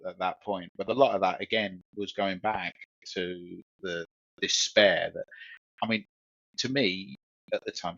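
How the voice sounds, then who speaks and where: Male podcast co-host, lower voice, rambling and sweary, dry close sound. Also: fairly bright tone, no room sound. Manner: rambling, swears, repeats himself. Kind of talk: casual storytelling chat. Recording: dull lo-fi sound.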